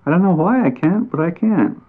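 A man's voice: a little high, animated, brisk, pitched above the performer's own voice. A man voicing an earnest young male bat poet who sounds perplexed and frustrated. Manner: plaintive and frustrated. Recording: tinny phone-like audio.

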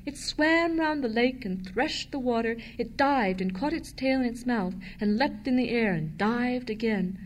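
A woman reading a children's storybook aloud with gentle, expressive narration. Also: on the high side, unhurried, hardly any pauses, slight background noise. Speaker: audiobook narrator.

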